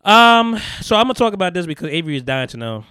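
A man hosting a podcast, telling a story in casual chat, animated, swearing a lot and laughing often. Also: high voice, fast talker, heavy background noise. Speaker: podcast host.

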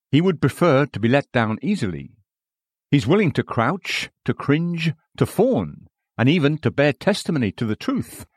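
A man's voice: medium pitch, dry recording, clean studio sound. Man reading an earnest sermon. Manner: earnest, exhorting. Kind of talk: read-aloud sermon.

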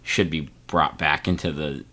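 A man co-hosting a podcast, chatting casually with quick jokes. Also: rumbling low. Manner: animated, jokey, quick asides. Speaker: podcast co-host. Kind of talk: casual chat.

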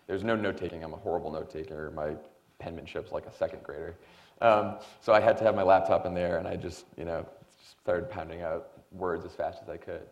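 A man in his thirties, a former speechwriter appearing as a guest at a forum, tells a long, lively anecdote and acts out the voices of the other people in it. He speaks briskly in a low pitch, and the lo-fi recording sounds dull.

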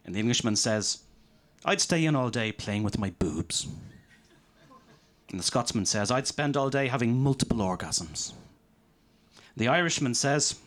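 A man performing a live stand-up set of deadpan one-liners in a comedy venue. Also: medium pitch, unhurried.

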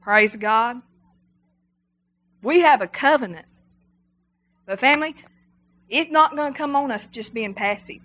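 A middle-aged woman preaching a sermon, animated and emphatic, repeating her exhortations. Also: fairly high pitch, unhurried, pauses often.

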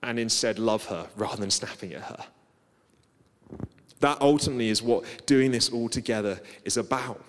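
A man's voice: medium pitch, normal speed. Man preaching in a reverberant hall. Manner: conversational, self-deprecating storytelling. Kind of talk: sermon. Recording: long reverb of a large hall.

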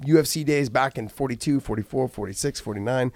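A man co-hosting a podcast in casual chat, laid-back and rambling, clearing his throat often. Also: mid-range voice, fast talker, a little mellow. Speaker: podcast co-host.

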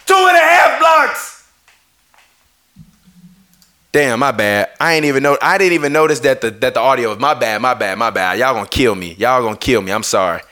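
A man's voice: mid-range voice, fast talker, hardly any pauses, bright, forceful tone. A man ranting on a live stream, heated and swearing, often breaking off to apologize. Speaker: streamer ranting about basketball.

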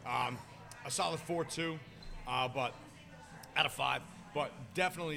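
Podcast host, slightly high voice, short plain review lines. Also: male voice, moderate pace, creaky, pauses often. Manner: announces then reviews in short plain sentences. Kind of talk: hot sauce review.

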